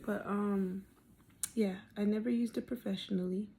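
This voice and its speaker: A woman's voice: mid-range voice, steady tone, normal speed, mellow. A woman in her thirties, heavily pregnant and out of breath, talking candidly into a phone camera for a video diary, rambling with many ums. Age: 30s. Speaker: vlogger. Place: parked car, then at home.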